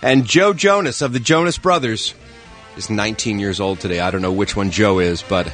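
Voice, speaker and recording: Brief: dry-witted male entertainment reporter, mid-pitched, sarcastic. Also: moderate pace, fairly bright tone, faint music behind. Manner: wry, sarcastic asides. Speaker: showbiz reporter on radio show. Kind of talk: wry entertainment news report.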